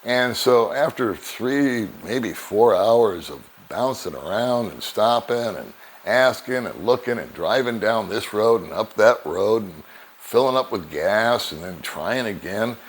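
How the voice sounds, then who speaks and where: Deep-voiced older man telling stories. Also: measured pace, a little hiss or hum. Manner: relaxed, rambling anecdotes with chuckles. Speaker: vlogger. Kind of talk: casual storytelling to camera.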